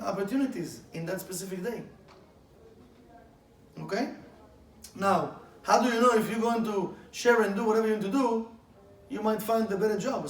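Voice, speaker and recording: High-voiced eager male teacher, echoey room. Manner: eager, asks many questions; broken, non-standard English grammar. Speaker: Kabbalah teacher. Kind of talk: class lecture. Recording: echoey room, mic far off.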